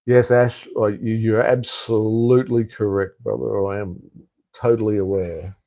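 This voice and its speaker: A man's voice: fairly low pitch, little pitch movement, measured pace, creaky, mellow, no echo, highs cut off. Swearing, rambling Australian man on a live stream. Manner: rambling, swears freely, frequent fillers and restarts. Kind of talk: casual live-stream chat reading viewer comments. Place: home in Cambodia.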